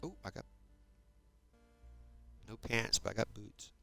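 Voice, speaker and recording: Gravelly-voiced South Jersey man streaming a game. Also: lowish voice, slow pace, a bit bright, soft background music. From South Jersey, USA. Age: 50s. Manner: chatty, talks to viewers while playing, says dude and man. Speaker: Minecraft streamer. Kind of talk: casual live-stream gameplay chat.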